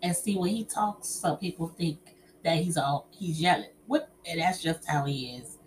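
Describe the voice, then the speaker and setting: A middle-aged woman telling personal stories and giving relationship advice to an audience, in a chatty, expressive way, calling listeners honey and child. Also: deep voice, normal speed, a little hiss or hum.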